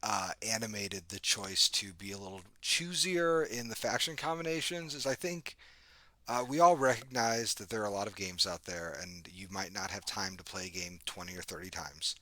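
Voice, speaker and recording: Bright-voiced man, reflective livestream co-host. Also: on the low side, moderate pace, no echo. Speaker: game designer, co-host. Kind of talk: livestream Q&A chat.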